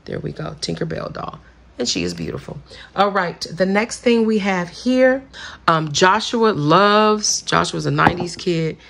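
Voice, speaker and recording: A woman's voice: on the low side, unhurried, gravelly, fairly bright tone, a little hiss or hum. A woman chatting enthusiastically through a haul video, saying "y'all" a lot. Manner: gushing, chatty, says "y'all" often. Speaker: vlogger showing purchases. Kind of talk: casual haul video chat.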